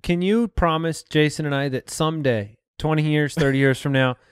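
Teasing higher-voiced man, podcast host. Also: smooth, dry recording, clean studio sound. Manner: teasing, quick to laugh. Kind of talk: casual comedic banter.

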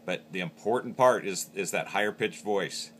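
Low-voiced man giving call lessons. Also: normal speed, a bit bright, slight background noise. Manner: plain, step-by-step explaining. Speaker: game call instructor. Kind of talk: hands-on instructional demo.

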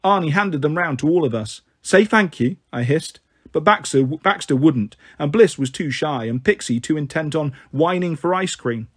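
A man's voice: lively intonation, moderate pace, husky. A man reading a children's novel aloud, lifting his voice to play the characters. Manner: voices the characters with a raised pitch. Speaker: storyteller.

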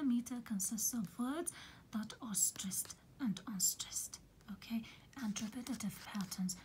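A woman teaching a literature lesson in a soft, half-whispered voice, patiently explaining and filling pauses with "okay". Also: on the high side, slight background noise, poor audio. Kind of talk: recorded lecture on poetic meter.

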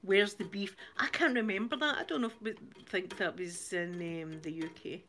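A woman's voice: medium pitch, lively intonation, normal speed, a bit bright. A middle-aged Glaswegian woman talks with her viewers in a loose live-stream chat. She laughs a lot and keeps a giggly, chatty flow between thanking people and telling stories. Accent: Glaswegian Scottish. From Glasgow, Scotland. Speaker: channel host reading viewer comments.

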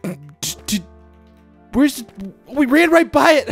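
Man, casual gameplay commentary, excitable, very animated pitch, shrieks and laughs, desk mic with windscreen, faint music behind. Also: slow, vocal fry. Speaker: let's play gamer. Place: home room with his puppy nearby. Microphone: desk mic with windscreen and headphones.

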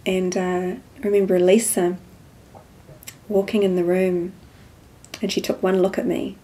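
A woman speaks as an interview guest, telling a personal story in a low, fairly even voice. Her tone is mellow and soft-spoken. She recounts events as a spiritual testimony. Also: unhurried. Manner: soft-spoken storytelling, acts out quoted dialogue.

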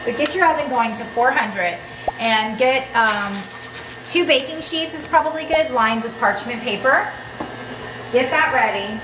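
Talking straight to the camera in a relaxed cooking demo, this host has a fairly high-pitched voice and an unhurried, playful, chatty manner. She's recorded from a distance in an echoey room with a constant background hum.

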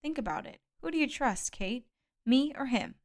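A woman's voice: sits high, expressive, normal speed, voice pushed up. A woman reading aloud, voicing an uneasy young man who urgently tries to talk someone into handing over a gun. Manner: insistent, coaxing, urgent. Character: uneasy young man trying to take control.

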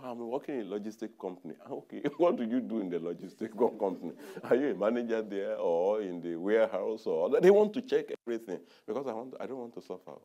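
A man preaching a sermon in a church, animated, laughing often and acting out the voices of the people he quotes. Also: lowish voice.

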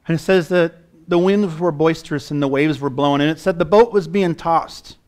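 Middle-aged male pastor, slightly high voice, fervent preaching with rhetorical questions. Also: moderate pace, darkish tone. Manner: preaching with rising fervor, rhetorical questions to the congregation. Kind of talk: sermon.

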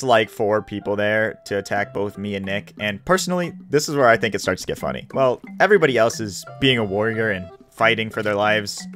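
A man giving casual, wry narration over his gameplay as a gaming YouTuber. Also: lowish voice. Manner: wry, laid-back storytelling.

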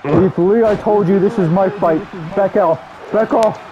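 A man's voice: high-pitched, measured pace, lo-fi sound. A man voicing a cocky mustached male wrestler who gives bossy orders and claims the fight for himself, in improvised fan role-play. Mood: commanding. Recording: arena crowd noise behind.

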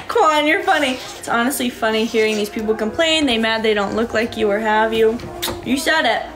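Casting a bright-voiced woman streamer who is breezy and upbeat and reads out chat. Echoey room with faint music behind. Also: a little high, expressive, moderate pace. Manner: breezy and upbeat, thanking viewers by name. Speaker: livestreamer. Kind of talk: casual live-stream chat reading out viewer comments.

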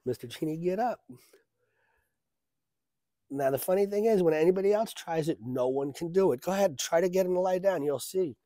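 Man, magic trick demonstrator, joking storyteller, slightly high voice, dry close sound. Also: fast talker, hardly any pauses, dark tone, no echo. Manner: joking, chatty showman. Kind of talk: comic storytelling trick patter.

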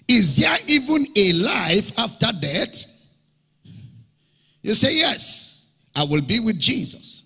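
Pastor, male; emphatic sing-song sermon delivery, high and animated, slightly raspy, church hall echo. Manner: emphatic, repetitive rhetorical questions, sing-song preaching cadence. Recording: large hall reverb, faint music behind.

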